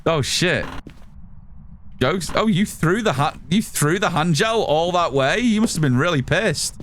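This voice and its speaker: Rambly, lively streamer. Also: male voice, a little high, unhurried, a little hiss or hum. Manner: rambling, swears freely, many restarts. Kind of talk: casual live-stream chat. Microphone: studio mic through an audio mixer.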